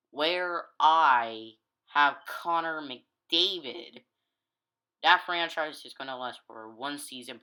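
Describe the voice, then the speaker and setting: A man's voice: on the high side, bright, forceful tone, clear, resonant tone, low-quality recording. A gaming YouTuber talking casually over his basketball video game, rambling and correcting himself as he goes, a little tired. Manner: rambling, halting, self-correcting. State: tired, yawning.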